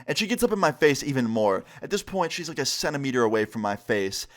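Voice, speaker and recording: A man at an ordinary middle pitch, recounting a personal story to camera in a casual vlog. He tells it with animated energy and swears freely along the way. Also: fast. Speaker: vlogger.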